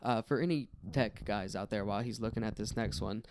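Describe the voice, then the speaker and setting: A man's voice: lowish voice, fairly quick, darkish tone, slight background noise. An American man co-hosting a podcast in casual, rambling chat, laughing often. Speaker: podcast co-host. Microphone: dynamic vocal mic.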